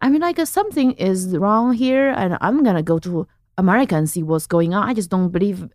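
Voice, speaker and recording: A woman in her thirties from central China, with a Chinese accent, a guest comedian in a casual podcast chat who tells animated stories and acts out other people's lines. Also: mid-range voice, brisk, dry recording, clean studio sound.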